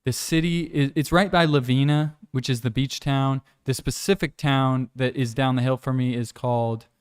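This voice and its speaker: Young man, smooth voice, casual rambling vlogger, filming handheld on an outdoor walk. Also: steady tone, moderate pace. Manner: laid-back, rambling, mimics animals and people in high squeals. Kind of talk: casual vlog chat. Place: outdoors on a hillside village walk.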